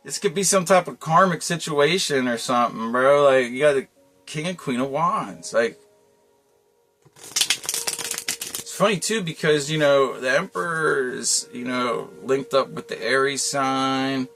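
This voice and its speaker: A man's voice: mid-range voice, unhurried, fairly bright tone, soft background music. A man giving a casual tarot reading, talking in a loose, rambling way with lots of slang and frequent chuckles. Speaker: tarot reader.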